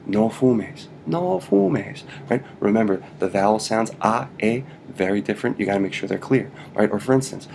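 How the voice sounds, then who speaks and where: Playful, gravelly-voiced male Spanish teacher. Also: fairly low pitch, fairly quick, hardly any pauses, a little mellow, a little hiss or hum. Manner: playful, repeats "right?" constantly, jokey asides. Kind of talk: casual video lesson.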